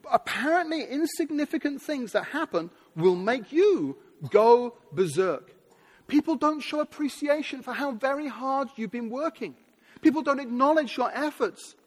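A man preaching a sermon from England, emphatic and animated, with sudden drops and rises in his delivery, in a large church hall. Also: extremely high pitch. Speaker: pastor. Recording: long hall reverb.

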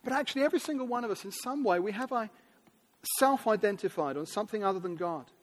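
A male pastor from England delivers an emphatic, animated sermon. His voice sits high and swings between loud, punchy phrases and sudden quiet drops. A long hall reverb trails every line. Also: fast talker. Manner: emphatic, animated preaching with dramatic drops and rises.

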